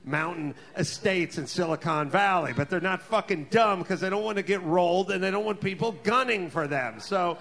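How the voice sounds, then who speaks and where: A man with a high, bright, forceful voice, ranting on a comedy podcast. He is loud and profane, full of exasperation, and often rises to a shout. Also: normal speed, vocal fry, hardly any pauses. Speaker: podcast host.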